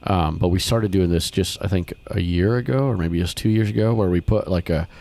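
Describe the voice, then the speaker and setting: A man hosting a podcast, telling a story in casual chat and acting out the people in it with sudden high-pitched quotes. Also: brisk, vocal fry. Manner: animated storyteller, acts out quotes with big pitch jumps. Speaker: podcast host.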